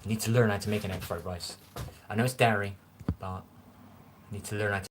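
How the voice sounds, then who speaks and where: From a room in his house, a West Country man from England in his forties chats on a livestream, rambling while replying to viewers' comments in his strong accent. He talks fast in a low-side, steady voice against a noisy background.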